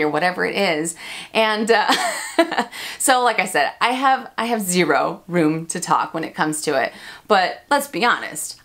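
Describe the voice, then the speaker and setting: A woman's voice: fairly low pitch, expressive, moderate pace, a bit bright. A chatty American woman hosting a handbag Q&A vlog, laughing often and poking fun at herself. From United States. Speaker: luxury handbag YouTuber. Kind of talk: casual Q&A vlog chat.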